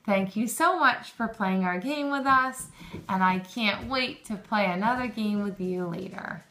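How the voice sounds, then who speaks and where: A woman's voice: mid-range voice, a little slow, a bit bright. A woman teaching a lesson to young children, encouraging them and praising often, with questions drawn out.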